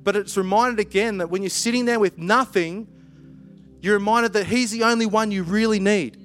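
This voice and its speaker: A man preaching in a relaxed, conversational way, full of playful asides. His voice sits high for a man, and soft music plays faintly underneath. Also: normal speed. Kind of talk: sermon.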